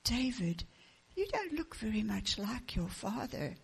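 A woman voicing an eager, polite young girl in a storybook reading, with a gravelly, husky undertone. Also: on the high side, very animated, a little slow, exaggerated voice. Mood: hushed.

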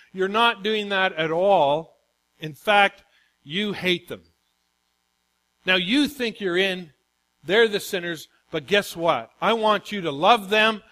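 A man's voice: sits high, pushed and bright, rough recording. A man preaching a sermon as pastor, emphatic and calling out questions to the congregation.

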